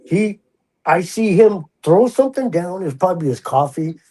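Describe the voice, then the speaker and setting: A man's voice: high-pitched, expressive, moderate pace, warm tone, poor audio. An older man, a retired prison officer, tells a story in a casual interview and acts out the voices he quotes.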